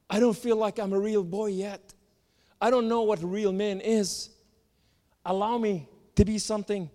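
Male preacher, impassioned testimony, dramatic loud-to-soft swings, slightly high voice, long hall reverb. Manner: dramatic, swings from loud cries to hushed tones.

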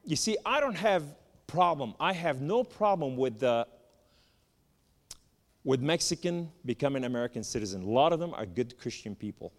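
A man from the Middle East giving a spoken testimony, telling his story with animated, emphatic lists. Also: medium pitch, moderate pace. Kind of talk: testimony sermon. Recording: long hall reverb.

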